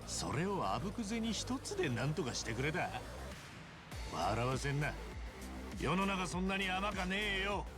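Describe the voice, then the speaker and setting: A man's voice: high voice, very animated, fairly quick. An actor playing a blunt, stern reformed yakuza man in a video game, talking in a lecturing way. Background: game music.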